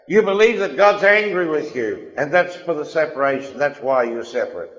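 A man preaching a sermon, emphatic and impassioned, swinging between quiet asides and loud declarations. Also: a little high. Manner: impassioned, emphatic, rising and falling. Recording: echoey hall, dull lo-fi sound.

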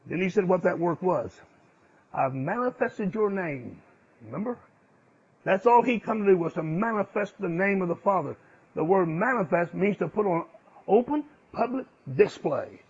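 A man preaching a sermon, swinging from loud, emphatic declarations to low, hushed asides. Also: animated, normal speed, breathy edge. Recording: dull lo-fi sound.

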